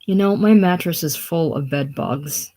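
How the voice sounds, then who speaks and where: At a measured pace, a reader with a medium-pitched, dark-toned voice lightly acts the part of a lonely, sickly older man. In this casual play reading, the character comes across as grandiose, self-pitying, theatrical, and brooding.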